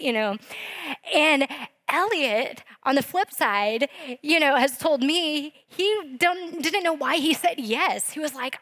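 A woman preaching in a loose, conversational way, with a voice pitched a little high for a woman. She tells stories with plenty of asides to the congregation. The sound is dry and close, with little room echo. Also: a little slow, fairly bright tone. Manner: chatty and informal, with many fillers and asides to the congregation. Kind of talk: conversational sermon storytelling.

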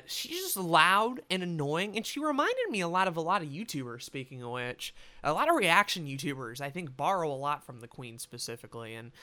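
A man's voice: on the high side, pushed and bright. A young man giving a rambling, casual movie review, swearing freely and talking with animation. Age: young adult.

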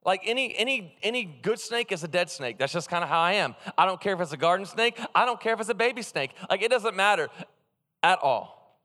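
Delivering a sermon full of humorous personal stories, this preacher talks fairly quickly in a high voice and animatedly calls out to the congregation. The hall gives his words a long reverb.

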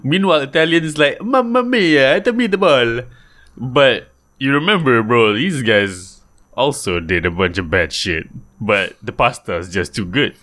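A man's voice: medium pitch, lively intonation, normal speed, pushed and bright. A man guest-hosting a podcast, joking and laughing through loose comedic rants. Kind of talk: casual comedic podcast banter.

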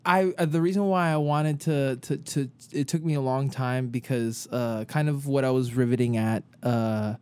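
A man's voice: mid-range voice, fairly even intonation, normal speed, few pauses, darkish tone, clear, resonant tone. A man co-hosting a podcast in casual banter, rambling through fillers and playful asides. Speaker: podcast co-host.

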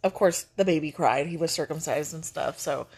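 A woman's voice: sits low, normal speed, darkish tone, slightly rough. A middle-aged woman chatting casually, a gushing grandmother with lots of fillers. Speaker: vlog co-host, grandmother. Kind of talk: casual breakfast chat.

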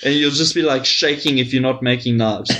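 A man's voice: medium pitch, brisk, a bit bright. A man, a knife maker in crude, joking casual chat. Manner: swears a lot, laughs and mimics others.

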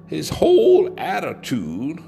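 A man's voice: fairly high pitch, huge pitch swings, slow pace, vocal fry, mellow. A man telling a folksy story aloud, leaning on key words and drawing them out.

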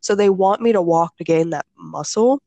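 A young woman chats casually, her voice gravelly and recorded close and dry. She tells her story loosely, full of filler words and blunt swearing. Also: lowish voice, moderate pace, warm tone, dry recording, muffled recording. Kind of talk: casual chat.

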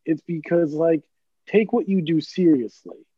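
A man's voice: on the high side, measured pace, warm tone, husky, no echo. A man in casual chat, rambling and swearing freely, poking fun at himself. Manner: profane, rambling, self-deprecating. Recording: dry tinny phone-like sound.

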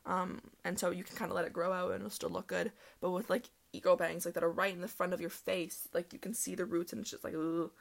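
A young woman hosting a casual solo podcast, talking fast and rambling with lots of "like" and laughs. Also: fairly low pitch, level tone, gravelly. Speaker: podcast host.

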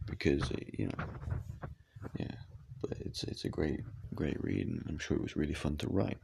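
A man's voice: extremely low pitch, very animated, normal speed, gravelly, a little mellow, slightly rough. A man giving rambling, casual reaction commentary, swearing now and then. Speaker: reaction vlogger.

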